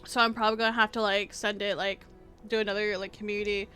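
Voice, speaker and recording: A young woman streaming live, chatting casually and excitably to her chat, rambling and laughing at herself. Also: mid-range voice, quick pace, soft background music. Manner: excitable, rambling, self-deprecating, laughs often. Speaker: VTuber streamer.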